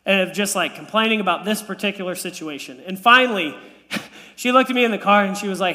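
A man's voice: high-pitched, fairly quick. A man in his thirties preaching a sermon in a church, telling stories with playful asides. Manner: animated storytelling with playful asides. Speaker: pastor. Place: church sanctuary. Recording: long reverb of a church hall.

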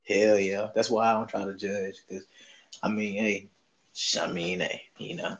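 A man's voice: fairly low pitch, steady tone, unhurried. A man with a Southern US accent hosting a casual chat, talking in laid-back slang and laughing often. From Southern United States. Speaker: podcast host.

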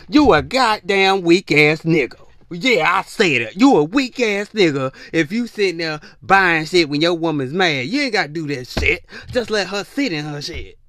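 A man's voice: normal speed, hardly any pauses, no room sound. A man giving relationship advice in a blunt, profane, preachy rant. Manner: blunt, profane, preachy, lively swings in pitch. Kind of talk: ranting monologue.

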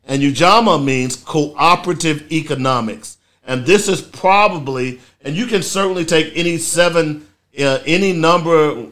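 A man's voice: a little high, a bit bright. A middle-aged man hosting a casual solo talk show, speaking in an emphatic, preachy way, often checking in with "okay?". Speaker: host.

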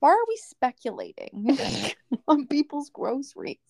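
Her voice sits high and sounds creaky with a darkish tone, very animated yet unhurried, recorded without echo. She's a podcast co-host in casual conversation who rants through anecdotes, quotes others, and laughs a lot.

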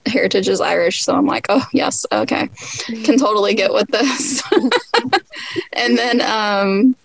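A woman's voice: mid-range voice, expressive, a little slow, gravelly, husky, dry recording, low-quality recording. A woman author chatting as a podcast guest, giggling often and filling her talk with "like" and "um". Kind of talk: casual podcast chat.

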